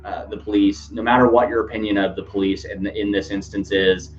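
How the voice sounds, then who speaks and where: A man's voice: on the low side, level tone, a little fast. A man hosting a casual news commentary podcast, rambling with many fillers and restarts. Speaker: podcast host. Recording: dull lo-fi sound with faint hum.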